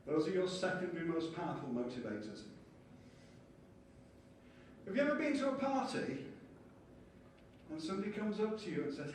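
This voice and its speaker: A man giving a lively conference lecture and explaining ideas with small acted-out scenes. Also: high voice, moderate pace, pauses often, slight background noise. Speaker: conference speaker. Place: conference hall. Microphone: distant from the mic. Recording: echoey hall from far off, faint ambience.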